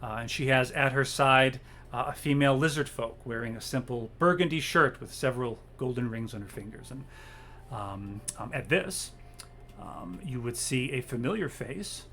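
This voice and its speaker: A man's voice: mid-range voice, moderate pace, sharp tone, slight background noise. A man narrating a tabletop game as game master, hesitant with many ums and uhs.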